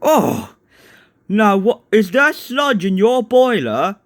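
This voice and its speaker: A man's voice: sits high, big pitch swings, takes it slowly, dry recording, studio quality, voice pushed up, exaggerated voice. Man doing boastful big engine, talks down to others. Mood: haughty. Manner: boastful, condescending. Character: pompous big male express engine.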